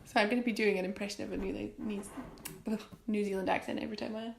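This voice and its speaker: A woman's voice: medium pitch, steady tone, fast talker, gravelly, reverberant, background noise. A woman co-hosting a casual film chat, who talks in a chatty, giggly way and trails off mid-sentence. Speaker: podcast co-host.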